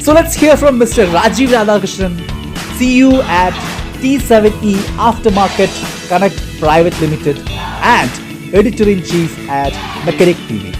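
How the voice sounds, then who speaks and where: A narrator with a mid-range, very lively voice introduces a guest in scripted, announcing narration. Loud music plays under the voice throughout. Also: mid-range voice, normal speed.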